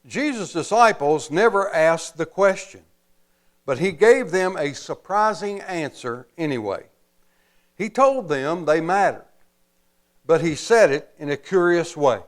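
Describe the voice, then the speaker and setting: Male pastor, sermon delivery, animated pitch, deliberate slow pacing, emphatic. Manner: slow, emphatic preaching with long pauses and folksy asides.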